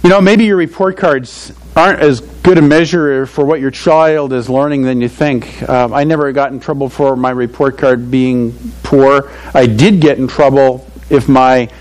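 A man's voice: medium pitch, fairly even intonation, moderate pace, hardly any pauses, a little mellow, low-quality recording. An older man preaching a sermon to fathers in a conversational, earnest way, often saying "you know" and chuckling at his own stories. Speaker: pastor.

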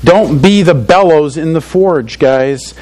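An older man delivers a sermon in a plain, conversational way, earnest and direct. His voice sits a little higher than most men's. He leans on "you know" and chuckles now and then at his own stories. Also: slow, a little mellow, poor audio. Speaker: pastor.

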